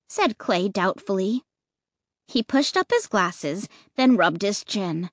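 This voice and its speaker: A woman reading a children's book aloud in first person, expressive and rising with the action. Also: mid-range voice, takes it slowly, no room sound, clean studio sound. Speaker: audiobook narrator. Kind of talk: first-person storybook narration.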